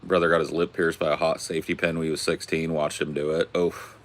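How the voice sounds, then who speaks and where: Laid-back deep-voiced man in his forties. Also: flat delivery, fast. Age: 40s. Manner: laid-back, joking, rambling. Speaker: streamer answering viewer questions. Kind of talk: casual chat.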